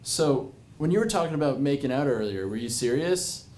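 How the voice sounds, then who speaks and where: A man's voice: mid-range voice, animated, brisk, a little mellow, natural voice. A man in his twenties quoting a blunt, pushy teenage girl in a storytelling set in a bar. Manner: blunt questioning. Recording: echoey bar with crowd noise.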